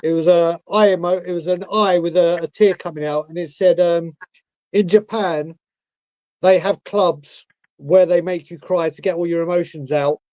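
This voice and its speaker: A man's voice: high voice, moderate pace, dry recording, dull audio. A man in casual live stream chat, telling stories animatedly, heard over a call. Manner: animated storyteller, laughs along.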